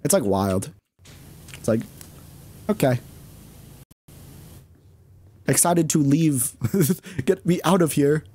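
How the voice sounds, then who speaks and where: Rambling, animated male streamer. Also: on the high side, slow pace, pauses often, breathy edge. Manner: rambling, lots of fillers and laughs. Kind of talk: casual chat.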